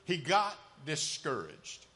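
Impassioned male preacher, bright voice. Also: on the high side, huge pitch swings, slow pace, slightly rough. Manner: impassioned, swings from loud to hushed. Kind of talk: sermon.

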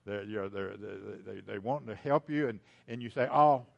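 A man preaching a sermon to his congregation, repeating key lines for emphasis and swinging between loud and hushed delivery. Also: lowish voice, a little fast, gravelly, muffled recording. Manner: speaks directly to the congregation as folks. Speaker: pastor.

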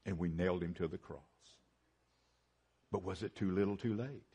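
Preaching at a normal pace with a breathy edge to his voice, a man alternates between emphatic crescendos and hushed, low moments, repeating key phrases for emphasis.

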